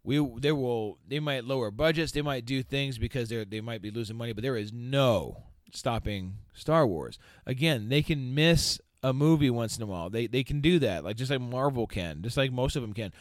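A man hosts a casual podcast and rants in a heated, profane way. His voice sits at an ordinary middle pitch. The sound is dry and close, with no room around it. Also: normal speed, few pauses, no room sound. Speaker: podcast host.

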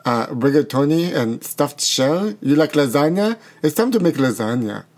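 A man's voice: fairly high pitch, lively intonation, normal speed, darkish tone. A man putting on a mock Italian accent to impersonate a glamorous actress, exaggerated and singsong. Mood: hammy. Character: theatrical Italian-accented woman, film star impression.

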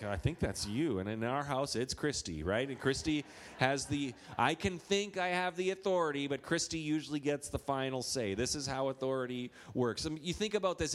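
A man in his thirties from Minnesota preaches a sermon in a relaxed, conversational way. He tells stories and adds playful asides. His voice sits at an ordinary middle pitch. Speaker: pastor.

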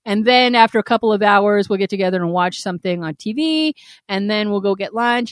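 A woman co-hosting a casual podcast, telling a story with lots of energy and plenty of swearing. She acts out every quoted line as she goes. Her voice sits at an ordinary middle pitch and is recorded dry and close. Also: fairly quick, clear, resonant tone, no room sound. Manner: animated, profane storytelling with acted-out quotes. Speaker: podcast co-host.

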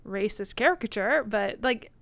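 A woman's voice: mid-range voice, expressive, normal speed, fairly bright tone, dry recording. A woman co-hosting a podcast, chatting animatedly about a book with swearing and playful asides. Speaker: podcast co-host. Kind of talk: casual book discussion.

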